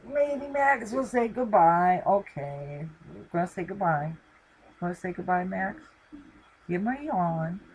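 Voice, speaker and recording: This middle-aged channel host has a mid-range voice and chats casually to the camera at home alongside her dog, ending a live stream. She rambles, leaning on fillers. The recording is low quality with slight background noise.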